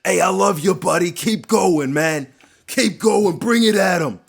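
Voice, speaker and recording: A man putting on a loud, pumped-up fight coach with a New York accent, yelling encouragement. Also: high voice, a little slow, gravelly, slightly rough, voice pushed up, full character voice. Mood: hyped yelling.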